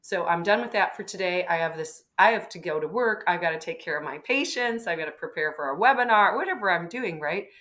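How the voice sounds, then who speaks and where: A woman doctor with a low voice gives advice on a live webinar, talking in an animated, hands-on way. She clears her throat now and then, over a video call. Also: a little fast, hardly any pauses. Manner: animated, acting out patients' words, frequent throat clearing. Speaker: physician guest.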